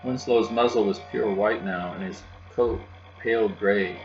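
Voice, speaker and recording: A man reading a children's novel aloud in a steady, gentle narration. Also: fairly low pitch, unhurried. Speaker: audiobook narrator. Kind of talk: children's book read aloud. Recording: dull lo-fi with faint music and hum.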